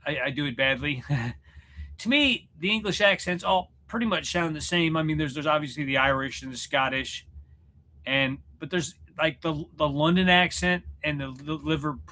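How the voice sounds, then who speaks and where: A man talks to his livestream viewers in a loose, wandering way, often joking about himself. His voice sits a little high and sounds bright and forward. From Missouri, USA. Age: 40s. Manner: rambling, self-deprecating, joking. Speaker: livestream host chatting with viewers. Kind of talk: casual livestream chat. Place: room at home, in front of a mirror.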